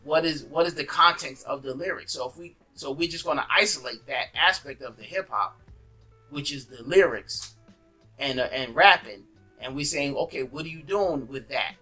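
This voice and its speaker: A man with a very bright, sharp-edged voice speaks bluntly in a casual chat. His questions come out incredulous, pressing the point. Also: medium pitch, moderate pace, soft background music. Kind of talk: casual discussion.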